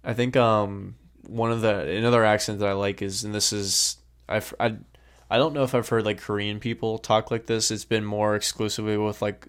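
A man's voice: lowish voice, fairly bright tone, clean tone. A man co-hosting a podcast, chatting casually and swearing freely. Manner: laid-back, swears casually. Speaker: podcast co-host. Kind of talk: casual chat.

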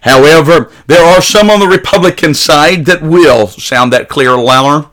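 A man's voice: on the high side, moderate pace, a bit bright. A man delivering an emphatic, preachy political opinion monologue that rises to urgent peaks. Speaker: political commentator.

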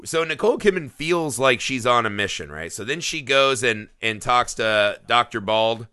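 A man with a bright, forceful voice recaps film scenes on a podcast, cursing casually and acting out what the characters say. His sound is dry and close, with no room around it. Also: medium pitch, expressive, moderate pace, clean tone, dry recording. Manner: storytelling recap, swears freely, acts out quoted lines. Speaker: podcast co-host.

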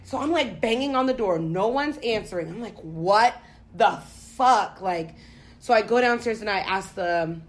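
A young woman from the United States telling a story in casual chat, profane and animated. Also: medium pitch, moderate pace.

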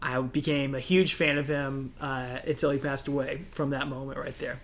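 Relaxed man telling a laid-back story. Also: mid-range voice, normal speed, a little hiss or hum. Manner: relaxed storyteller, laughs a lot. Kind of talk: casual chat.

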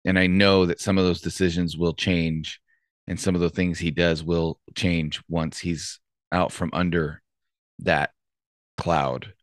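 A man in casual chat, reflective and measured, speaking from his own experience. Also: low voice, little pitch movement, no room sound, studio quality.

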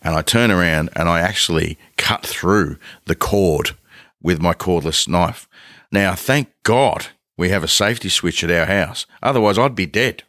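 A man's voice: low voice, normal speed, fairly bright tone, no echo, studio quality. A man co-hosting a podcast, chatting casually in a jokey, rambling way and laughing often. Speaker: podcast co-host. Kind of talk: casual chat.

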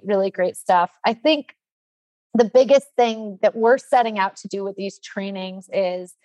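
A woman in her forties speaking as a nonprofit leader in casual podcast talk, animated and chatty with lots of fillers. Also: medium pitch, no echo. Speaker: nonprofit leader announcing trainings.

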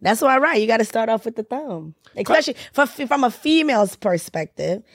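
A woman's voice: fairly high pitch, expressive, brisk, dry recording, clean studio sound. A woman co-hosting a casual podcast chat, talking in a playful, teasing way.

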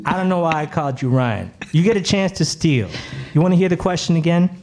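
A man's voice: fairly high pitch, lively intonation, fast talker, very noisy. A man hosting a comedy game show, announcing in a rambling, stumbling way.

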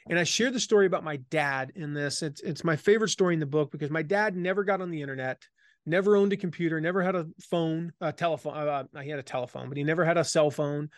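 Energetic higher-voiced man, dry close sound. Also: dry recording. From Southern United States. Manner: energetic, emphatic, repeats key phrases. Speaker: author and guest. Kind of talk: conversational interview.

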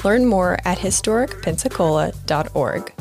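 A woman's voice: lowish voice, lively intonation, moderate pace, a little mellow, faint music behind. A woman hosting a podcast, asking questions and reading sponsor ads in an upbeat, friendly way. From United States. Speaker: podcast host. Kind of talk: casual interview and ad reads.

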